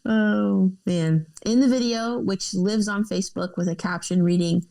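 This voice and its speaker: A woman's voice: medium pitch, a little slow, gravelly, mellow, low-quality recording. A woman co-hosting a podcast, reading news articles aloud with casual asides and laughs.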